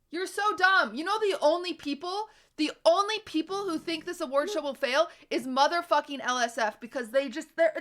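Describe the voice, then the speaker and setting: A young woman streaming live, her voice high and bright as she rants at her chat. She sounds exasperated and swears freely, pressing each point with emphatic repetition. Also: a little fast, few pauses.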